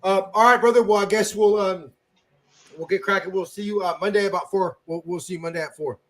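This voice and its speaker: A man hosting a casual fan podcast, telling stories excitedly with lots of filler words and swearing. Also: high voice, a little fast. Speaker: podcast host.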